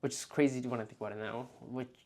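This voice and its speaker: Young male vlog host, casual and animated, acts out his own past thoughts, mid-range voice. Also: mid-range voice, fast. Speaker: freelance marketer and video host.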